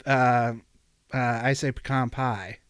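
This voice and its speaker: A man from the American Midwest chatting as a podcast guest, easygoing and quick to laugh, with lots of fillers. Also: medium pitch, fairly even intonation, a bit bright, clean tone, no echo, studio quality. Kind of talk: casual podcast chat.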